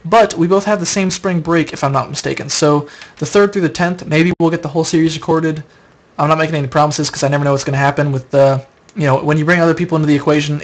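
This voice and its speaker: Young male streamer, somewhat high voice, sleepy and rambling, casual chat to viewers at a desk mic. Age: young adult. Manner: rambling, casual, answers viewer questions aloud. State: tired. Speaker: live streamer answering chat. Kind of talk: late-night live stream chat.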